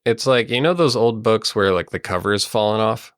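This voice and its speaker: A man's voice: lowish voice, a little fast, no room sound, studio quality. A man narrating as game master of a tabletop game, meandering and full of ums and likes.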